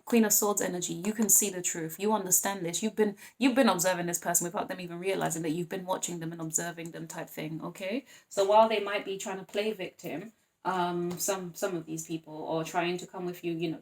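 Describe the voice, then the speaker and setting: A tarot reader gives her viewers a casual reading, chatty and animated, acting out little scenes and laughing often. Her voice sits on the low side and she talks briskly.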